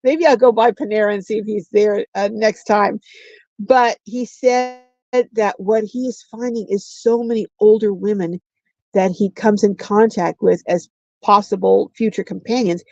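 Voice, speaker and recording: The host, an older woman, reads viewer comments on a casual phone-recorded livestream in a somewhat mellow, medium-pitched voice with fairly even intonation. She's chatty and rambling, restarting often and stretching out words, and the audio is dull with no echo.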